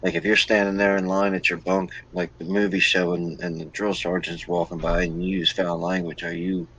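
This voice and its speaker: A man's voice: sits low, little pitch movement, normal speed, fairly bright tone, breathy edge, low-quality recording. A man co-hosting a podcast in a casual political chat, rambling as he asks long questions.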